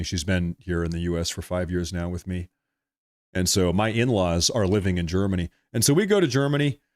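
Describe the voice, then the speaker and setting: A man's voice: low-pitched, no echo, clean studio sound. A man hosting a live political stream, talking casually and repeating himself as he addresses viewers directly. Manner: chatty and repetitive, addressing viewers directly as folks and ladies and gentlemen. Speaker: political livestream host.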